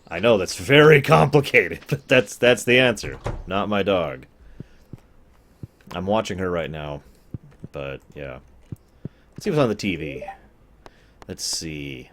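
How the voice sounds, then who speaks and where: A man's voice: fairly low pitch, big pitch swings, unhurried, pauses often, fairly bright tone, slight background noise. A man streaming a game, giving casual commentary with dry, wry asides. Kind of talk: casual let's-play commentary.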